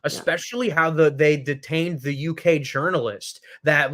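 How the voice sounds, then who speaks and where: A man co-hosting a podcast in casual, profane chat, sarcastic and animated. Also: a little high, normal speed. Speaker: podcast co-host.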